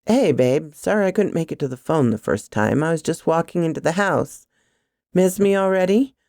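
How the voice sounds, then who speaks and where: A calm young boyfriend, as a woman narrator puts him on speaks slowly and soothingly. The voice sits low and mellow in a spooky storybook reading. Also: no echo, studio quality. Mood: reassuring. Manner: soothing, slow and steady.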